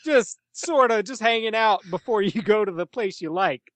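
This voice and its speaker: Lively man laughing through film chat. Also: high voice, normal speed, no echo. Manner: laughs often, swears freely, jumps into impressions. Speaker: podcast co-host. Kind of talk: casual film-discussion chat.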